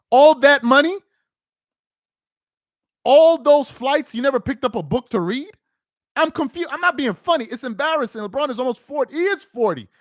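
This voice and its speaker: A man hosting a reaction video, ranting in disbelief with loud outbursts between a played clip. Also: very high-pitched, dry recording, clean studio sound. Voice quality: exasperated, incredulous, loud outbursts.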